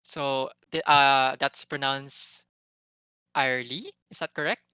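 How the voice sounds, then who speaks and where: A game master running a tabletop session, speaking slowly and hesitantly. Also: mid-range voice, steady tone, bright, forceful tone, smooth, dry recording, highs cut off. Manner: slow, hesitant with uhs.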